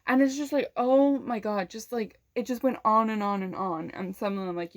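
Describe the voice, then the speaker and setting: Animated young woman telling a story, dry sound. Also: mid-range voice, normal speed, few pauses, dry recording. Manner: animated, swears often, laughs between lines; many fillers of "like". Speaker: vlogger. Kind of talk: casual storytelling.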